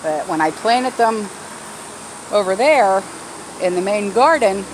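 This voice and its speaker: A woman's voice: medium pitch, lively intonation, takes it slowly, noisy background. A middle-aged woman talking casually in a rambling, heartfelt way, with lots of fillers, in a backyard garden video. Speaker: garden vlogger. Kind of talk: casual vlog talk.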